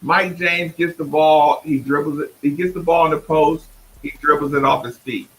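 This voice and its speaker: A man hosting a sports talk show, emphatic and animated, often imitating others. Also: a little high, normal speed, low-quality recording. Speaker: host.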